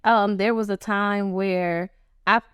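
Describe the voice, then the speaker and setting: A woman's voice: slow, clear, resonant tone, no room sound, studio quality. A woman guest telling a personal story in a casual interview, acting out the voices of people she quotes. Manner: animated, acts out quoted voices with big pitch jumps. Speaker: guest author.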